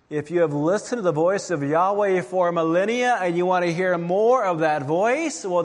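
A man preaching a sermon as pastor, dramatic, dropping to a hush and then rising to emphatic peaks. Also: fairly high pitch, in a large hall. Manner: dramatic, swings from hushed to emphatic.

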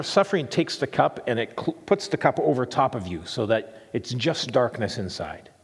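A middle-aged man preaching a sermon as pastor, earnest and repeating phrases for emphasis, dropping to a hush and then lifting again. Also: on the high side, breathy edge, in a large hall.

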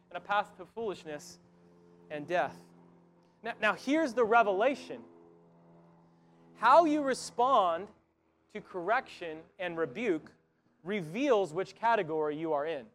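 A man's voice: high-pitched, lively intonation, normal speed. A man preaching a sermon in an earnest, conversational way, often restarting his phrases. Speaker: pastor.

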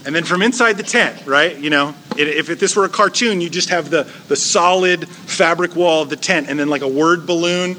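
Bright-voiced joking preacher, forty. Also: male voice, a little high, normal speed, few pauses, slight background noise. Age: 40s. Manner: joking, chatty, animated storytelling. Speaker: pastor. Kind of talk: conversational sermon.

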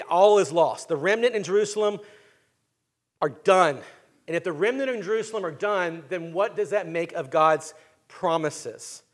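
A man preaching a sermon, walking his listeners through the text and asking them rhetorical questions. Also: sits high. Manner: teaching, asks the audience rhetorical questions. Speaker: pastor.

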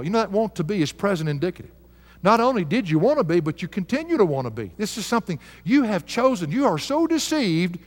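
Older man, preacher, high animated delivery, earnest sermon in a reverberant church hall. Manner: earnest, heartfelt, rhetorical questions to the congregation.

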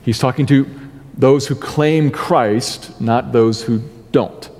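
Mellow-voiced preacher in a reverberant hall. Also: male voice, medium pitch. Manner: deliberate, stresses key words, slows for scripture. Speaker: pastor. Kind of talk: sermon.

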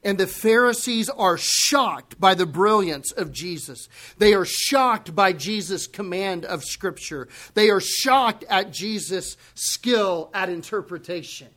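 Impassioned high-voiced male preacher. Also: slow pace, hardly any pauses. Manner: impassioned preaching, swinging from loud emphasis to hushed, grave asides. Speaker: pastor. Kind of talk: sermon.

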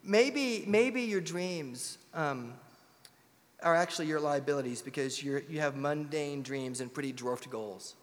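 Guy pastor preaching in a big church, kinda high voice, long reverb hanging in the hall. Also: a little slow. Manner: impassioned, rhetorical questions, swings from loud to hushed. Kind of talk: sermon. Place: church sanctuary.

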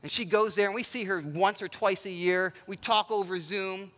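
Guy preaching a sermon, chatty and animated, bright high voice. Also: normal speed, in a large hall. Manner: conversational, animated, acts out quotes. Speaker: pastor.

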